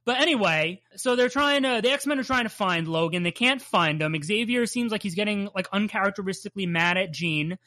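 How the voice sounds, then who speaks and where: Podcast co-host, bright voice, rambling, jokey, casual swearing, dry close sound. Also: mid-range voice, fairly quick, few pauses, no room sound. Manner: laughs often and plays up bits. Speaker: podcast co-host recapping a cartoon.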